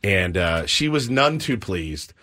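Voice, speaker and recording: Speaking slowly in a low-pitched voice, a morning sports radio co-host tells an animated story at his own expense. He acts out each scene along the way.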